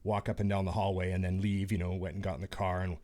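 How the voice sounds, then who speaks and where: A man's voice: low-pitched, flat delivery, fast, a little mellow. Rambling man telling a story. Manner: rambling anecdotal storytelling with frequent restarts. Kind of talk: casual podcast chat.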